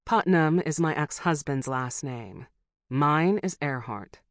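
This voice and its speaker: A woman's voice: low-pitched, lively intonation, slow, dry recording, clean studio sound. A narrator voicing a blunt, breezy woman pilot. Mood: frank. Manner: direct, breezy, frank. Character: famous woman pilot, blunt and plain-spoken. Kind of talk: audiobook character voice.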